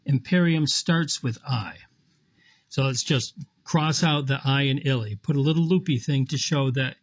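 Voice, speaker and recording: A man's voice: medium pitch, highs cut off. A man teaching Latin in a screen lecture, explaining patiently step by step with small self-corrections. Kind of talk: screen lecture walking through an example.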